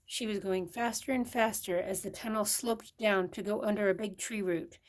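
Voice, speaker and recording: Older woman, grandmother, reading picture book aloud, expressive, mid-pitched. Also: normal speed. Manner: expressive, lively storytelling. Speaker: storybook reader.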